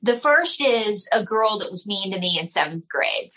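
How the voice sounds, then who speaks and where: A woman's voice: medium pitch, expressive, normal speed, pushed and bright, low-quality recording. A woman, a guest ventriloquist and comedian, chatting and telling stories on a podcast, laughing often. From United States. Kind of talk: casual podcast chat.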